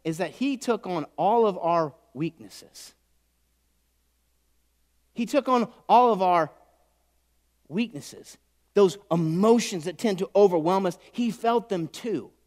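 High-ish voiced preacher guy, big swells then soft drops, echoing hall. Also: slow pace, pauses often. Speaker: pastor. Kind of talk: sermon.

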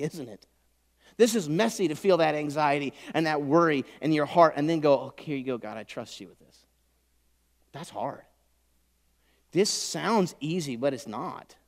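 A man preaching a sermon as pastor, animated, swelling loud and then dropping soft. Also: a little high, big-room sound.

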